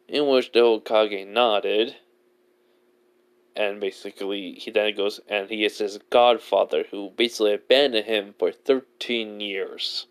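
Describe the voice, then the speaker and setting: A man casually making up a fan-fiction story as he goes, rambling and stopping to correct himself. His voice sits fairly low and comes through clean. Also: fairly even intonation, unhurried, smooth. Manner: rambling, heavy use of "basically" and self-corrections.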